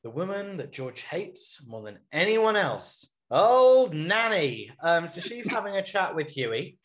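Man, podcast host, casual chat, joking, rambling, slightly high voice. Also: sing-song, a little slow. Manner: joking, meandering, lots of fillers.

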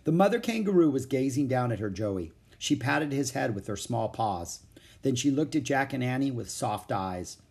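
An audiobook narrator reading a children's book aloud in an expressive storytelling way. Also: medium pitch, moderate pace, gravelly, husky.

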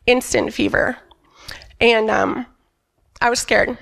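Brief: middle-aged woman, heavy vocal fry, frank and emphatic church testimony. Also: on the high side, measured pace, pauses often, fairly bright tone. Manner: candid, emphatic storyteller who quotes herself. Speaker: church member giving a testimony. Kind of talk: personal testimony at a church service. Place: church stage.

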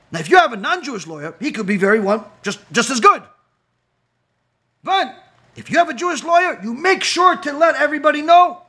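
A rabbi giving an impassioned talk, firing rhetorical questions and acting out quoted voices. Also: male voice, very high voice, very animated, brisk, sharp tone.

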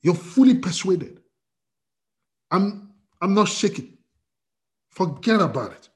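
A man's voice: high-pitched, sing-song, slow. Emphatic man preaching a sermon. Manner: emphatic, repetitive, many restarts and fillers. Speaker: pastor.

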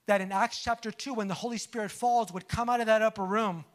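High-voiced man preaching a lively sermon. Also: fast. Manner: conversational preaching with humorous asides and audience questions. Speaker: pastor.

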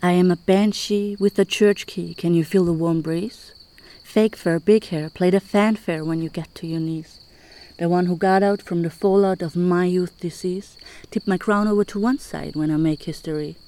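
A woman's voice: fairly low pitch, steady tone, normal speed, warm tone, a little hiss or hum. A woman performing spoken word poetry in a rhythmic, rhyming delivery.

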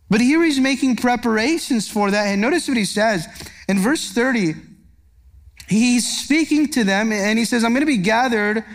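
A man's voice: very high voice, normal speed. A male pastor preaching a verse-by-verse sermon, earnest and emphatic, putting rhetorical questions to his congregation. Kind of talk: expository sermon. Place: church sanctuary.

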